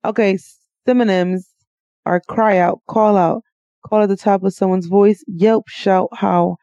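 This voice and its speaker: On a dull, dry lo-fi mic, a woman co-hosts a podcast in a casual, argumentative chat, firing pointed questions at her partner and laughing often. Her mid-range voice is steady, mellow and unhurried, with no echo.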